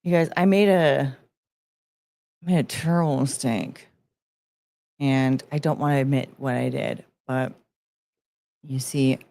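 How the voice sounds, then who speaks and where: A woman's voice: very deep voice, darkish tone. A woman hosting her own livestream, chatting casually and greeting viewers by name with sing-song asides. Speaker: livestream host.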